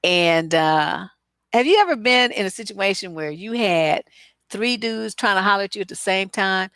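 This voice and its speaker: A woman's voice: medium pitch, animated, normal speed, fairly bright tone, clear, resonant tone, no echo. A woman relationship coach answering viewer questions on a live stream in a blunt, profane, acerbic way, full of asides and mock dialogue. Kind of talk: live-stream advice chat.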